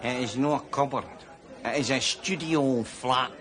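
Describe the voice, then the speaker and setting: A Glaswegian actor playing a boastful, leering drinking pal in a sitcom, with audience laughter. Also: male voice, medium pitch, a little slow, a bit bright, lightly acted. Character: boastful middle-aged Glasgow drinker, cocky. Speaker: sitcom character. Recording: studio audience laughter behind.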